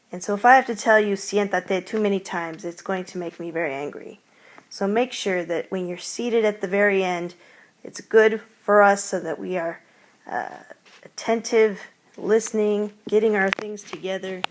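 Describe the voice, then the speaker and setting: A woman's voice: mid-range voice, moderate pace. A woman teaching classroom commands, patiently repeating each one with its English meaning. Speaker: Spanish teacher. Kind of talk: classroom language lesson.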